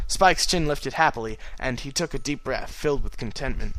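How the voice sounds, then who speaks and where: A young man reading a fan story aloud, narrating in a relaxed, playful way. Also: mid-range voice, rough recording. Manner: playful, quick to joke. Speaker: fan fiction reader. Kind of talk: storybook narration with off-script asides.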